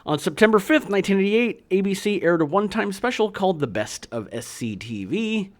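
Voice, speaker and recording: A man's voice: high voice, big pitch swings, brisk. A man hosting a podcast, reading history notes aloud in a casual chat and laughing easily. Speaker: podcast host.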